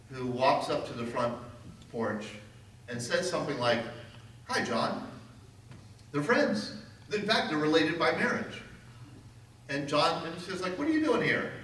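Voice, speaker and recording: A man gives a history lecture to a crowd, telling the story with lively, wry humor. His voice sits at a middle pitch and is picked up from a distance in a very echoey hall, with faint hiss underneath. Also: measured pace.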